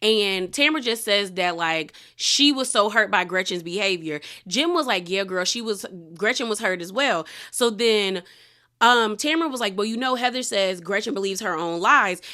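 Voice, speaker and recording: A woman's voice: mid-range voice, moderate pace. A woman casually recapping a reality show episode, retelling scenes with slangy asides and quoted lines. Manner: animated retelling, quoting cast members with slangy asides.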